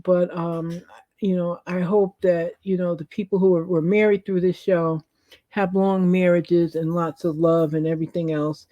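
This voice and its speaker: A man's voice: sits high, little pitch movement, normal speed, dark tone. A man hosting a casual solo review podcast, chatting loosely with many fillers while feeling unwell. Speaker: reality show reviewer and host. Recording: dull lo-fi sound.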